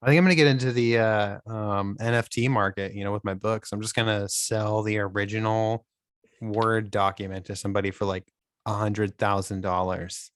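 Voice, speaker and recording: Man, podcast co-host, dry teasing manner, lowish voice, dead dry sound. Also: fairly even intonation, moderate pace, no echo. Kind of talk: casual chat.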